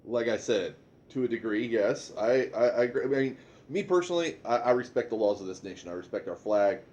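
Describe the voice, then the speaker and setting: A middle-aged man co-hosting a talk show, speaking in a measured way with some stumbles as he gives his opinions. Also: mid-range voice, expressive, darkish tone, dull audio. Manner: measured, hesitant, repeats words. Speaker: co-host. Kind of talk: casual political chat.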